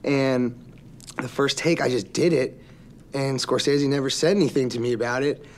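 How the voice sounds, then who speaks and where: Relaxed man telling stories. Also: mid-range voice, moderate pace. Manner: relaxed storytelling with frequent ums. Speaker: actor guest. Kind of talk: interview anecdotes.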